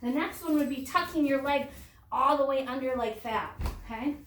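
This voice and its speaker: High-voiced woman coaching kids' gymnastics. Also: normal speed, noisy background. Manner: patient, ends phrases with "okay?". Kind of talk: instructional demonstration for kids. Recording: echoey gym from far off.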